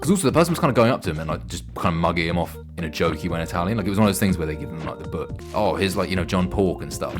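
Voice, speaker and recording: A man's voice: low voice, lively intonation, racing, hardly any pauses, over music. A young man streaming a game, rambling and joking crudely in casual banter. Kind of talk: casual gaming stream commentary.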